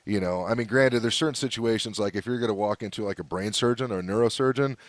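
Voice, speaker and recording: An American man hosts a podcast in a loose, rambling, chatty way. His voice sits low, and the recording is dry and close with no room sound. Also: fast, no echo. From United States. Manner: loose and chatty, many fillers and restarts. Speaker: podcast host. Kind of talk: casual interview chat.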